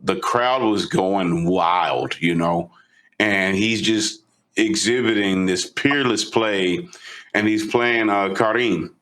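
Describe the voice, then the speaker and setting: A man co-hosting a podcast, retelling a story in an animated, casual way. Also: lowish voice, slow. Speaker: podcast co-host.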